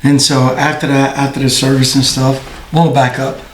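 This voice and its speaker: A man's voice: mid-range voice, little pitch movement, normal speed, reverberant, a little hiss or hum, rough recording. A man hosting a podcast interview in a casual, supportive way, often giving short affirmations. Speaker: podcast host.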